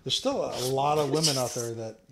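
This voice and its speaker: A man's voice: medium pitch, brisk, vocal fry, a loud crowd. Dry-talking man on a comedy podcast. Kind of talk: casual comedy chat.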